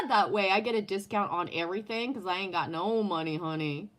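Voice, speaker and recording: A woman's voice: medium pitch, lively intonation, normal speed, rough recording. A woman in her fifties chatting casually on a live stream, swearing freely, laughing often and reading viewer comments aloud. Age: 50s. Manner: profane, laughs often, reads chat aloud.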